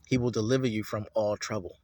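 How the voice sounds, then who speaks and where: A man reading aloud as the spirit of a grieving mother speaking from beneath the ground, in a slow, hushed, mournful way. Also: lowish voice, fairly even intonation, no room sound, voice pushed down, close to an everyday voice. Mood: mournful, tender.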